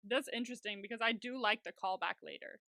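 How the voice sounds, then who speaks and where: A woman co-hosting a podcast, chatting casually about a series, blunt, quick to laugh and swear. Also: mid-range voice, vocal fry, pushed and bright, no echo. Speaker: podcast co-host. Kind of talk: casual recap chat.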